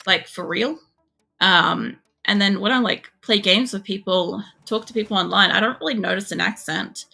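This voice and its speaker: A woman's voice: mid-range voice, normal speed, vocal fry, pushed and bright. An Australian woman streaming a game, chatting casually in a rambling way, swearing often and filling gaps with fillers. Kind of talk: casual gameplay chat.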